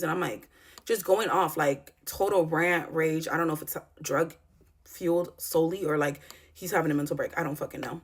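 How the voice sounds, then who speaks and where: A woman's voice: deep voice, fairly even intonation, moderate pace, breathy edge. A woman in her thirties telling a personal story in a vlog, talking in a raw, profane, emotional way with lots of fillers. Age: 30s. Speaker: vlogger.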